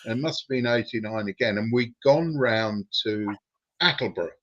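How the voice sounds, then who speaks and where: A man's voice: on the low side, moderate pace. An older man, a former racing driver, telling cheeky stories with casual swearing. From Britain. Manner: cheeky, swearing, relaxed storytelling. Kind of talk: casual anecdote on a live stream. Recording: dull lo-fi recording.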